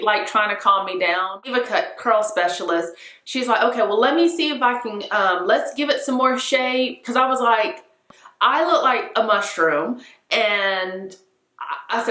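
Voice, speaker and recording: A woman's voice: mid-range voice, normal speed, echoey room. A young woman vlogger casually telling a story to camera, acting out the voices of the people in it. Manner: animated, acts out quoted voices.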